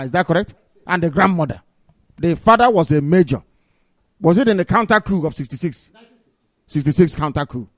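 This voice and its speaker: A man's voice: on the high side, no room sound, clean studio sound. Polite man hosting a call-in radio meeting. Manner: polite, repeatedly thanking and urging speakers to use English. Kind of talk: live radio call-in broadcast.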